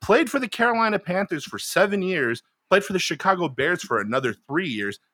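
Animated, bright-voiced storytelling man. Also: sits high, a little fast, no room sound, studio quality. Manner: animated, swears freely. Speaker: podcast co-host. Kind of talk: comedic storytelling.

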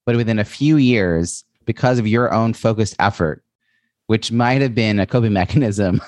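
A man's voice: fairly low pitch, moderate pace, a little mellow, no room sound, studio quality. A man hosting a podcast, asking probing questions and thinking aloud about his guest's story. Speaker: podcast host. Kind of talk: interview conversation.

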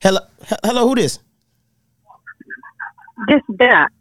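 An older grandmother with a Southern US accent, giving short, soft-spoken answers on a phone call. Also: fairly high pitch, lively intonation, unhurried, dry recording. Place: at home, heard over a phone on speaker. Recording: phone call with voices behind. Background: other people talking and laughing.

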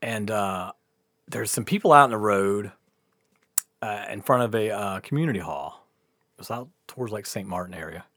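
A man's voice: lowish voice, moderate pace, long pauses, fairly bright tone, dry recording, studio quality. A man telling a wild story in casual chat, laughing often, swearing freely and acting out what people said. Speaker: podcast host telling a story.

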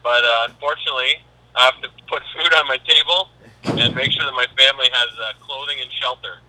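A man's voice: mid-range voice, fairly even intonation, fairly quick, sharp tone, low-quality recording. A man in casual group chat, joking dryly.

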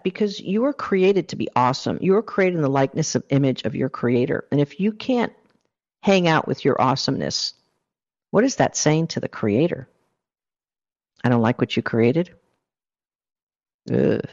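A man's voice: mid-range voice, vocal fry. A man giving a motivational self-help talk, coaching the listener earnestly through a guided exercise. The recording sounds dull and lo-fi.

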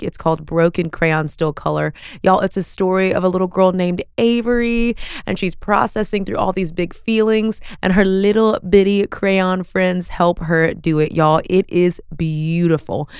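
A woman hosts a podcast in a folksy, earnest and emphatic way. Her voice sits on the low side and sounds smooth and resonant, recorded dry and close. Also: no room sound. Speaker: podcast host. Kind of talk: casual podcast talk.

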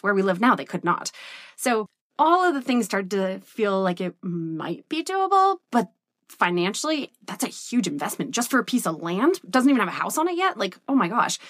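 A woman's voice: a little high, dry recording. Chatty woman vlogging on a dry close mic. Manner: candid, chatty, peppered with "like" and "right?". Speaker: business coach and vlogger. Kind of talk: casual direct-to-camera vlog.

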